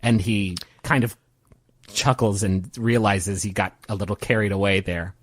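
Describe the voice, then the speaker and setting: A man's voice: fairly low pitch, fairly even intonation, normal speed, dry recording, studio quality. A man narrating as game master in a loose, casual way, with fillers.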